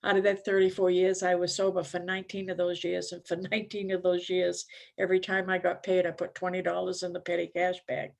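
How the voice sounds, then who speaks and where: An older woman shares her personal testimony from a conference stage. She talks candidly and conversationally, often pausing on small fillers as she goes. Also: on the low side, monotone, creaky. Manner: candid, conversational, many "you know" fillers. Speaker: recovery speaker at a conference.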